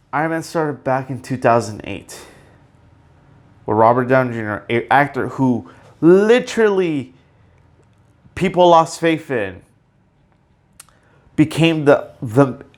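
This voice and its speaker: A man hosts a casual solo podcast, talking in an excitable, rambling way. He stumbles over fillers and restarts and breaks into emotional outbursts. His voice is fairly high for a man. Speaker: podcast host.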